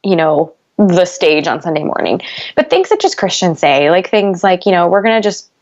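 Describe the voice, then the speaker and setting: A woman's voice: on the low side, very animated, moderate pace, darkish tone. Earnest woman sharing her story. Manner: earnest, heavy use of "like", rising intensity. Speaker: podcast guest. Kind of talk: candid conversational storytelling. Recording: slightly dull lo-fi podcast audio.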